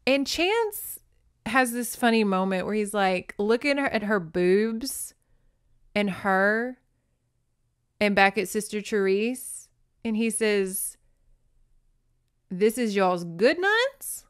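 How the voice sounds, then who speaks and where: A woman's voice: medium pitch, slow, clean tone, dry recording, studio quality. A woman podcast host recapping a novel in a chatty, giggly, playful way. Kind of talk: casual chat, recapping a novel.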